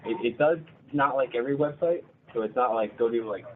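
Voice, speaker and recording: A man's voice: medium pitch, a little fast. A man presenting at a user group meeting, answering audience questions in an informal, practical way, thinking aloud. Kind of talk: casual Q&A answers. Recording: tinny phone-like sound with faint noise.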